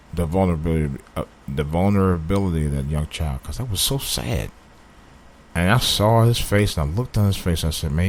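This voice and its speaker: Solo commentary host, male, from Cleveland, lower voice; runs from somber musing to heated, profane ranting. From Cleveland, USA. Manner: starts low and somber, then builds into loud angry ranting with profanity. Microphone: own microphone.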